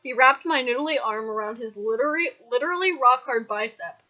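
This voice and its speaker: Bright-voiced woman reading comic fanfic. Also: a little high, brisk. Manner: mock-dramatic, deadpan narration. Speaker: fanfiction reader. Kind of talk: comic dramatic story reading. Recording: dull lo-fi recording.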